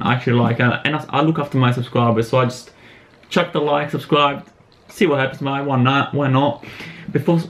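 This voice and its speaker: A young man casually reacting to a video about himself, laid-back and amused, with slangy chat. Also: medium pitch.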